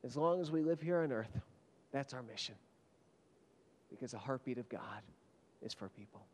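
A man preaching a sermon with dramatic storytelling, swinging between loud emphatic peaks and hushed, almost whispered lines. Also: mid-range voice, animated, normal speed. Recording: long hall reverb.

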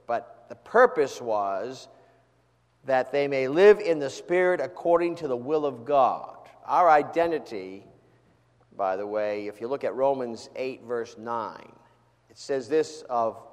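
A man preaches a sermon in an easy, conversational style, restarting phrases often. He rises in pitch and volume whenever he quotes scripture. His voice carries a long reverb from a large church hall. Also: lively intonation, normal speed. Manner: frequent restarts and repeated words. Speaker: pastor.

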